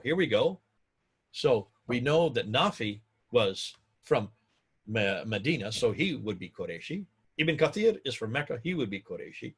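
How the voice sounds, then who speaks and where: A man delivering a lecture in a husky voice that swings widely up and down in pitch. He hammers his points home by repeating them, talks straight to his audience and builds to excited highs. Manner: emphatic, repeats points, rising to excited peaks; addresses viewers directly.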